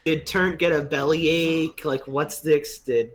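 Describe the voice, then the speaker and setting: A young man in casual chat among friends, joking and animated as he tells stories. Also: a little high, takes it slowly.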